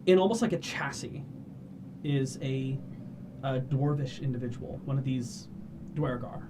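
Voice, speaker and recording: A man narrating a tabletop game as game master, describing scenes in a measured way and calling for dice rolls. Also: mid-range voice, background noise.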